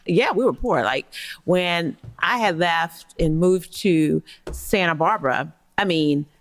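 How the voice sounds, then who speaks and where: A woman's voice: fairly low pitch, animated, slow. A woman co-hosting a podcast who chats in a laid-back way and answers with short replies. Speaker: podcast co-host. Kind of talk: casual chat.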